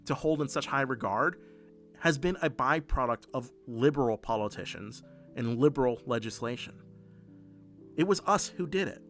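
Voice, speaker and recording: A man doing livestream political commentary, reading chat as he goes, heated and profane, often restarting his sentences. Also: mid-range voice. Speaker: political streamer.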